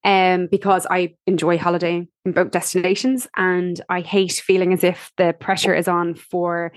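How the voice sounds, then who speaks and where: Flat-toned woman. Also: fairly low pitch, normal speed, no room sound, clean studio sound. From Ireland. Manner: frank, opinionated, with ums. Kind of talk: casual interview answer.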